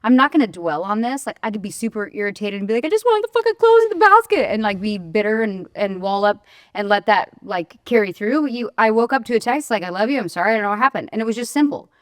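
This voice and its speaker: A woman's voice: medium pitch, quick pace, hardly any pauses, no room sound, clean studio sound. A woman in her forties co-hosting a podcast, telling a domestic story in a candid chat and acting out both sides. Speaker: podcast co-host.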